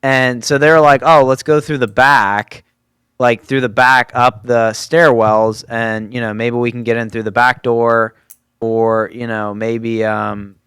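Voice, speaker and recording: A man's voice: mid-range voice, level tone, measured pace, fairly bright tone, clean tone, no echo. A man in his twenties telling a rambling story on a podcast, full of fillers and laughing asides. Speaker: podcast host. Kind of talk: casual storytelling.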